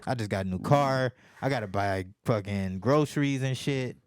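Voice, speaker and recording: A young man in casual podcast chat, telling a profane story and jumping into lively voices when he quotes people. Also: medium pitch, moderate pace, smooth, dry recording, studio quality. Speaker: podcast host.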